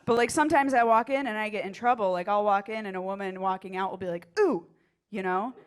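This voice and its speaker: A woman's voice: medium pitch, fast talker, clean tone. A stand-up comedian on a club stage, talking in a rambling, self-deprecating way and laughing at her own jokes. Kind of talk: stand-up set.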